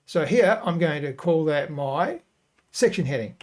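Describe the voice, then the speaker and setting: A man hosting a software tutorial, talking casually and thinking aloud as he works through each step. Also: fairly high pitch, expressive, measured pace. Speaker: web design tutorial host. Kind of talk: screen-recorded software tutorial.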